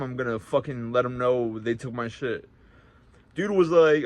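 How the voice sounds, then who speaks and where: A young man telling a story in a casual vlog, swearing a lot and swinging between loud outbursts and quiet, reflective talk. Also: medium pitch, moderate pace, no room sound. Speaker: vlogger.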